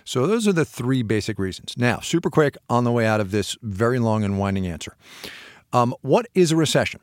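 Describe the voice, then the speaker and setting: A man co-hosts a podcast and talks through a question in loose, conversational bursts, breaking into laughter and restarting himself. His pitch swings widely from low to high. The recording is dry and close, with no room sound. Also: brisk, no room sound. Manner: lively, laughing, self-interrupting explainer. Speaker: podcast co-host. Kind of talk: casual explanatory chat.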